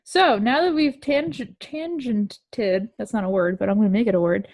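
A woman's voice: medium pitch, normal speed, darkish tone, no room sound. A woman around forty co-hosting a podcast, chatting casually in a loose, profane, joking way. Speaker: podcast co-host.

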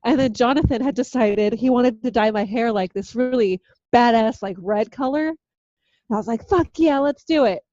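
Raucous, swearing woman with a slightly high voice. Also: moderate pace, dry recording, muffled recording. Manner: loud, profane, laughing often. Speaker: podcast co-host. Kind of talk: casual chat.

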